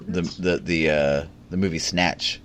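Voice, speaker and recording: A man with a low voice runs a casual gaming podcast. He jokes and cusses freely while moving the chat along to the next topic. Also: fairly even intonation, a little slow, a bit bright. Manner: swearing, joking, steering topics. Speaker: podcast host.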